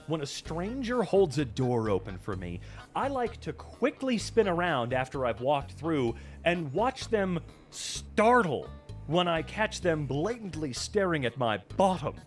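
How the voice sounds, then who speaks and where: A man hosting a casual reaction stream, ranting sarcastically with lots of profanity. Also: medium pitch. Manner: animated, profane, sarcastic rants. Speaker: VTuber streamer reacting to posts.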